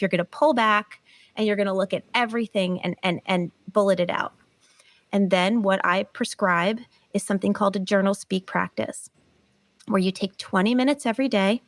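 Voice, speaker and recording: A woman guest on a podcast, explaining a healing method in an earnest, animated way. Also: medium pitch, dry recording. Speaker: guest, pain recovery author. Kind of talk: podcast interview.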